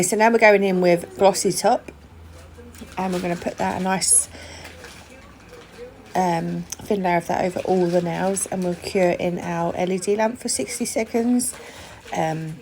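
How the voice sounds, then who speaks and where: Young woman chatting through a nail tutorial, kinda low voice, lots of um and like. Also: a little mellow. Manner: chatty, lots of fillers and self-deprecating asides. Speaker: nail tech vlogger. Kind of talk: casual tutorial narration.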